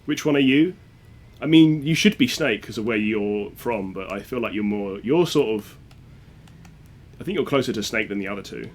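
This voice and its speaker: A man's voice: lowish voice, animated, normal speed, a little hiss or hum. A man streaming a speedrun, chatting and joking casually with his viewers. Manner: joking, chatty, reads chat aloud. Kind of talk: casual chat with viewers while playing.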